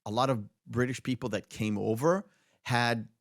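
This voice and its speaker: A man's voice: medium pitch, fairly even intonation, moderate pace, creaky, no room sound, studio quality. A man hosting a casual movie podcast, rambling through trivia with many fillers and restarts. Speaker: podcast host.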